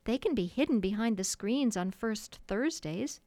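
A woman's voice: fairly high pitch, lively intonation, moderate pace, warm tone, no room sound, lightly acted. A woman voicing a kind, motherly young girl who speaks in a coaxing, earnest way. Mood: tender.

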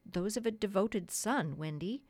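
A woman reading aloud who voices a carefree young boy, puzzled and a little anxious, in a plain, slightly lowered voice. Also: lively intonation, unhurried, a little mellow, no room sound.

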